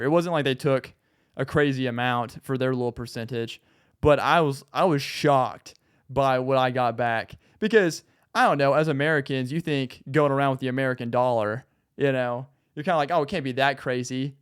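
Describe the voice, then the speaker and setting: A man's voice: mid-range voice, smooth. A young man hosting a podcast, talking in an easygoing, chatty way with plenty of fillers. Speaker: podcast host. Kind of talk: casual podcast chat.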